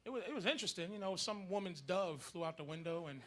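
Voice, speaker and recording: A man's voice: high voice, expressive, quick pace. A man in his thirties doing crude, rambling stand-up comedy in a noisy live room. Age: 30s.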